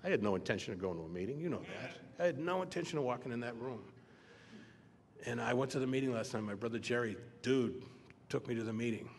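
An older man telling his personal story to a recovery meeting, animated and repeating phrases for emphasis. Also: medium pitch, fast talker, vocal fry, slight background noise. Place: meeting hall. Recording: roomy hall reverb, faint background ambience.

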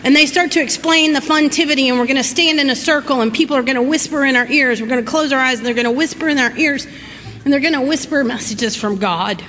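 A middle-aged woman, giving a folksy, animated personal recovery talk. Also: high voice, fast talker, faint music behind. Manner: folksy, animated, laughs through her story. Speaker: recovery meeting speaker. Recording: echoey hall with faint noise.

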